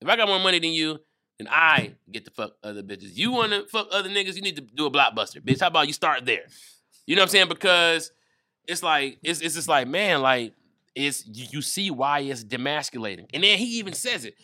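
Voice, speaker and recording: A man doing comedic casual chat, riffing profanely and jumping into quick acted-out voices. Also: a little high, big pitch swings, sharp tone. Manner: profane, riffing, acts out bits with quick voice jumps.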